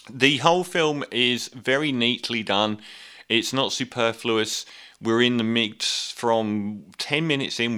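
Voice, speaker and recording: Low bright-voiced male film reviewer. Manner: chatty and candid, with frequent ums and wry asides. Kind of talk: casual spoken film review.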